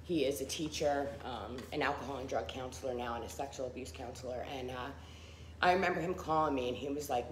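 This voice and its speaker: A woman's voice: very deep voice, fast, roomy sound, slight background noise. A middle-aged woman giving a candid personal recovery testimony, full of fillers and acted-out quotes. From Philadelphia area. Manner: candid, frequent fillers, acts out quoted people.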